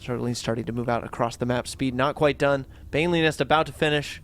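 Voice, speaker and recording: A man doing quick, excitable play-by-play commentary on a strategy game match. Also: medium pitch. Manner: quick, excitable, rises on big plays. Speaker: esports caster.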